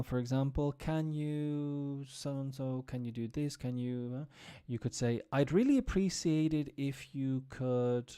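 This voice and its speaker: A man teaching English on a live stream, talking through example phrases in a relaxed, explaining way. His voice is mellow and rather dark, at an ordinary pitch. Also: clean tone. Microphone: computer mic on a live stream.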